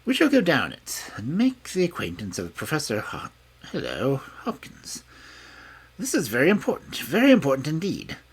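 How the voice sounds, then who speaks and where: A man voicing a sharp, confident detective who speaks in a brisk, probing way. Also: on the high side, wildly swooping pitch, husky, exaggerated voice.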